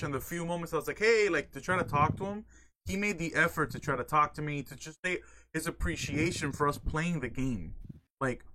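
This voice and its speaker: A man co-hosting a casual video game talk show. He speaks excitedly and leans heavily on filler words. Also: fairly high pitch, noisy background. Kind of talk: casual game-discussion chat.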